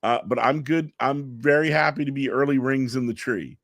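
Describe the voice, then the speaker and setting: A middle-aged man chatting excitedly in an interview, telling stories fast with stammered restarts. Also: medium pitch, no echo, studio quality. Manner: enthusiastic, rapid storytelling with stammered restarts. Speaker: comic book writer guest. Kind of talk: excited podcast interview chat.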